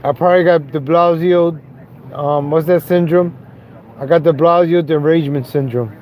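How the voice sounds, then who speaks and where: A man's voice: a little high, steady tone, muffled recording, a little hiss or hum. A man live-streaming from his car, mocking and cursing in an angry rant, then apologizing to his viewers. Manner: profane, mocking, quick to rage then apologetic. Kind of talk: ranting live stream commentary. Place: inside a car, driving.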